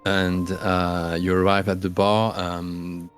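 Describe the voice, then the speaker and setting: A man narrating a tabletop game as game master, halting and searching for words. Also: sits low, little pitch movement, soft background music. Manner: halting, full of fillers and restarts, searching for words.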